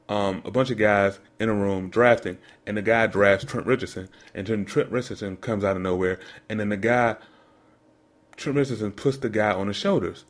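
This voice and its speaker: A man co-hosting a sports podcast, ranting in a mocking, incredulous way about commercials. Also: lowish voice. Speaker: podcast co-host. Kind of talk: casual sports commentary rant.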